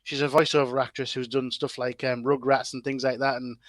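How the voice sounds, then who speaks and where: A man's voice: mid-range voice, flat delivery, brisk, dry recording. A man, chatting as a guest content creator in a casual interview, full of fillers and restarts.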